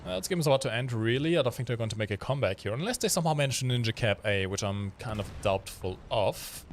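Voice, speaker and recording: A man talking through a game as he plays it, explaining how things work between dry jokes. His pitch swings around a lot in a lively way. A faint hiss of noise sits under the voice. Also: quick pace. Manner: dry joking, explains mechanics while playing. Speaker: stream co-host playing the game. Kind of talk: casual gameplay commentary.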